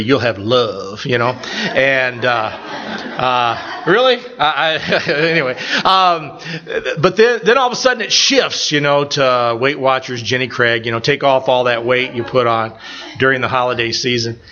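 A man's voice: medium pitch, pushed and bright, lo-fi sound. A man pastor giving a rambling, folksy sermon full of stories and fillers. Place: church.

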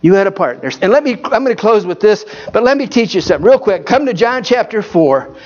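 Man, Baptist preacher, folksy sermon, high-pitched voice, dull lo-fi recording. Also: sing-song, fairly quick, a little mellow. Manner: folksy, keeps asking amen.

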